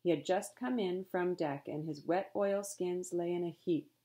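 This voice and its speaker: Low-voiced woman reading a story aloud. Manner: expressive read-aloud, pausing to explain words. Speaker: reader. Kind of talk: reading a children's novel aloud.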